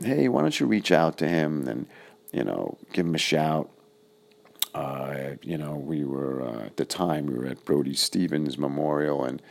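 A middle-aged man recalling an old friend in a casual, halting, reflective way with many pauses. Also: rumbling low, vocal fry, a little mellow. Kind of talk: casual personal recollection.

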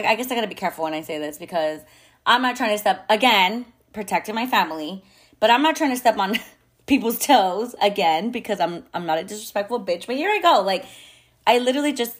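A woman's voice: mid-range voice, lively intonation, fairly quick. A woman in the middle of her vocal range talks straight to her podcast listeners in a candid, unscripted monologue. She is blunt and swears freely, with plenty of fillers. Bits of Spanish slip into her talk now and then. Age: adult mother. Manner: mixes in Spanish phrases. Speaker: podcast host.

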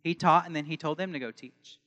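A man preaching a sermon to a congregation in a church, moving from calm teaching to loud, impassioned preaching. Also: a little high, brisk, big-room sound. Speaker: pastor.

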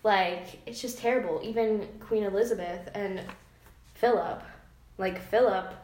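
A woman's voice: medium pitch, fairly even intonation, measured pace, a little mellow. Giggly gossiping woman in an echoey room. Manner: laughs often, playful gossiping. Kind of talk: casual chat. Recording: roomy echo.

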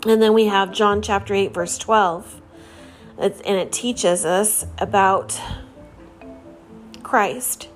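A woman delivers a devotional talk in an earnest, measured voice of middling pitch. She reads scripture aloud between her own reflections. Soft music plays faintly behind her. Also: steady tone. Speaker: religious speaker.

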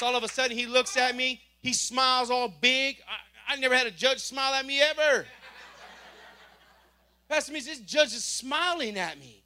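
A man giving a church testimony, telling his story with lively acted-out dialogue. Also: very high voice, normal speed, slight background noise. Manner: animated storytelling, acting out dialogue. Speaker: testimony speaker.

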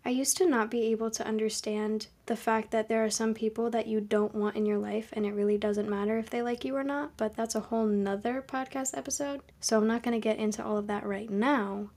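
A young woman hosting a podcast, giving advice in a calm, earnest, conversational monologue. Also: on the high side, brisk, hardly any pauses. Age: young adult. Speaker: podcast host.

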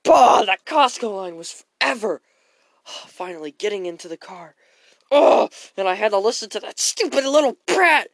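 A woman's voice: medium pitch, lively intonation, moderate pace, no room sound. A woman voicing George, a frazzled everyday man who sighs and mutters to himself in a homemade audio story. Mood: grumbling. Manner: grumbling, sighing, muttering to himself.

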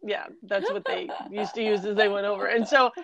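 A woman co-hosting a casual podcast, halting and giggly, often restarting her sentences. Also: mid-range voice, level tone, gravelly, a crowd in the background. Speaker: podcast co-host.

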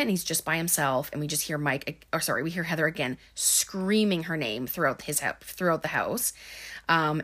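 A woman's voice: fairly low pitch, a bit bright. Rambling young woman recapping a film. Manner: rambling, filler-heavy, lots of "like" and "um".

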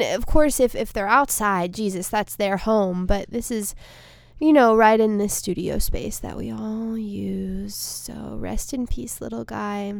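Alone in her studio, a comedian hosts her podcast in a medium-pitched voice that's gravelly and a little mellow, with no echo. Her casual solo talk wanders, turning self-deprecating and emotional.

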